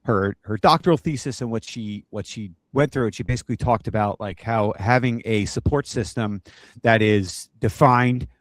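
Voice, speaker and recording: A man's voice: lowish voice, moderate pace, no room sound. A man co-hosting a casual teacher podcast, chatty and self-deprecating, with lots of fillers.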